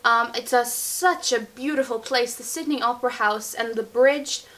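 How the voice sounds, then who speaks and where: A young woman with a fairly high voice chats casually through a viewer Q&A. She rambles and giggles as she goes. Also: steady tone, normal speed, a bit bright. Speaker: beauty vlogger. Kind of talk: casual Q&A chat.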